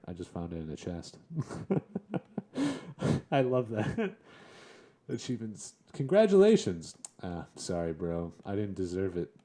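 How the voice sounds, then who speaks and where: A man's voice: low voice, mellow. A young man casually commenting on his game as he plays, chatting and chuckling in a laid-back way. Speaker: gaming streamer. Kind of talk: casual Let's Play commentary.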